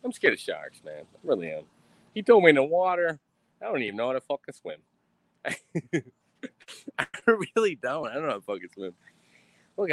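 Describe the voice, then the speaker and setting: A young Texan man rants on a livestream, rambling casually in a boastful, profane, swaggering way. His voice is medium in pitch and fairly bright, captured on a streaming mic with no room sound.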